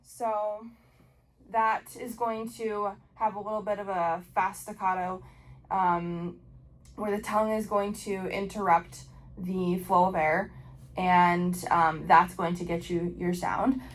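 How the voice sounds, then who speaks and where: A young woman talks through oboe technique in a relaxed lesson. She explains step by step and often fills pauses with um and like. Her voice sits at an ordinary middle pitch. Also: low-quality recording. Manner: casual explaining with frequent ums and likes. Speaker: oboe teacher. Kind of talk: instructional video lesson.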